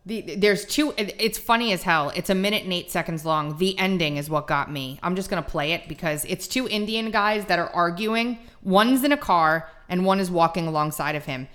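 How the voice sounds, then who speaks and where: A woman co-hosts a casual talk show, with blunt remarks and quick laughter. Her voice sits slightly low for a woman. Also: fairly bright tone. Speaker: podcast co-host. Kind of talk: casual chat.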